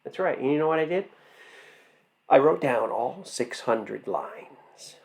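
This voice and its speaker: Male acting coach, mid-pitched and emphatic, quizzes his viewers and answers himself. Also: expressive, unhurried, gravelly. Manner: emphatic, fires rhetorical questions and answers them. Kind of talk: instructional talk to camera.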